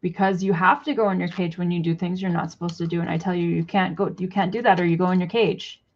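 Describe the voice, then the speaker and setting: A woman's voice: lowish voice, fairly even intonation, quick pace. Stoned woman vlogger, rambling casual talk, raised sing-song scolding for her pets, dull lo-fi audio.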